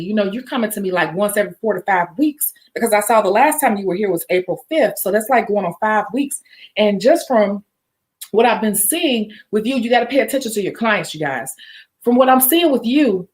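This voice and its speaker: A woman teaching nail techs in a casual, chatty coaching tone, acting out a salon appointment with a client. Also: mid-range voice. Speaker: nail tech educator. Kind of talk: instructional chat with role-play demo.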